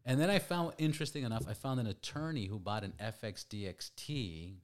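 A man's voice: on the low side, fairly quick. Laid-back man spinning loose anecdotes. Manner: loose, animated anecdotes with swearing. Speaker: podcast host. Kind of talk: casual podcast chat.

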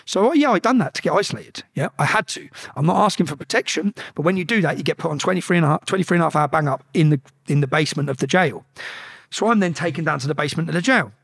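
A man's voice: a little high, lively intonation, fast talker, creaky, a bit bright, breathy edge. A man bluntly recounting his experiences as an interview guest, swearing freely and restarting his sentences often. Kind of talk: casual storytelling.

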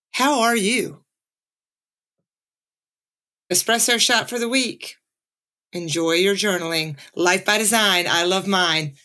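A woman's voice: medium pitch, pushed and bright. A middle-aged woman from the American South with a Southern accent, hosting a reflective podcast and laughing easily as she talks. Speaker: podcast host and life coach.

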